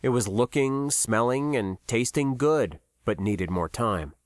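Male audiobook narrator, measured, expressive, mid pitch, dry close mic. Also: dry recording.

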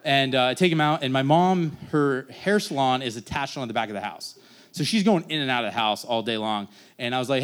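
Brief: young man, rambling storyteller, clear smooth voice, mid pitch. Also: brisk. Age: young adult. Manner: casual rambling, acts out quoted voices. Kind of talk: personal story told on stage.

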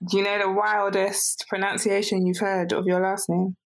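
Flat-toned woman host. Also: mid-range voice, moderate pace, rough recording. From England. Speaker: podcast host. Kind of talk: interviewing a guest.

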